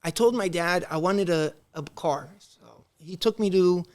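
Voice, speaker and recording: A man's voice: sits high, unhurried. A man in casual podcast chat, telling rambling family stories with many restarts and acting out the quoted dialogue. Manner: animated, acts out quoted dialogue. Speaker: podcast guest. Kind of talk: casual storytelling.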